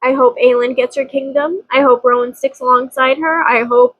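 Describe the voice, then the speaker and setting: Young woman book vlogger, high-pitched, chatty and dramatic, frequent laughter. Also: steady tone, moderate pace, narrow, tinny audio. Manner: chatty, dramatic, laughs often, swears casually. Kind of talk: casual chat.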